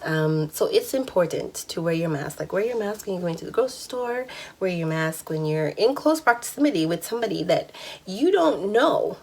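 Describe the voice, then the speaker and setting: Woman, 30s, vlogger, lowish voice, candid personal storytelling, chatty. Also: lively intonation, moderate pace, a little mellow, slightly rough. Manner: candid, chatty, laughs between points.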